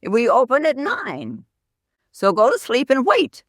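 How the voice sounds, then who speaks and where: A woman's voice: high voice, wildly swooping pitch, unhurried, no room sound, studio quality, pitched above the performer's own voice, exaggerated voice. A woman voicing an annoyed male bartender woken in the night, scolding a caller. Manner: exasperated, scolding.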